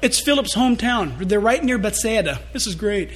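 A male pastor preaching a sermon in an animated, joking and confessional way. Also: high voice, moderate pace, hardly any pauses.

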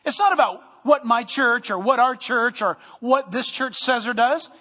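Male pastor, high bright tone, humorous energetic sermon, long church-hall reverb. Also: normal speed. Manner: animated preaching with humor, sometimes loud. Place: church sanctuary.

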